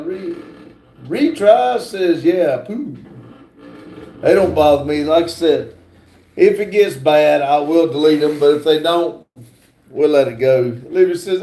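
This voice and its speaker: A man's voice: sits high, dark tone. A man hosting a casual livestream, reading viewer comments aloud with many fillers. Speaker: livestream host reading chat. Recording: echoey room.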